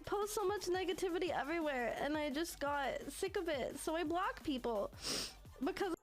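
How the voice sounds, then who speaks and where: A woman speaking in a tearful, halting way about being upset. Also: very high-pitched, lively intonation, soft background music.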